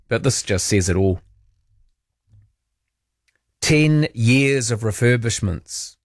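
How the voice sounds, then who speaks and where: A late-night radio talk show host with a fairly low voice chats and shares strong opinions, throwing in sarcastic asides. Speaking close to the studio mic, he sounds dry and direct, with no echo.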